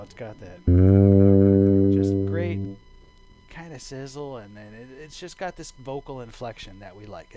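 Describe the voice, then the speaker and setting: A man teaching a bass lesson over a video call, relaxed and rambling, thinking aloud with fillers. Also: rough recording. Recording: bass guitar playing behind him.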